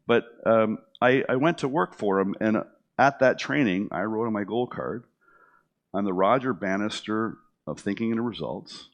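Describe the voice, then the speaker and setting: A middle-aged man telling his own story casually, with lots of fillers and restarts, acting out what others said to him. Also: lowish voice. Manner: animated, acts out quoted dialogue with many fillers and restarts.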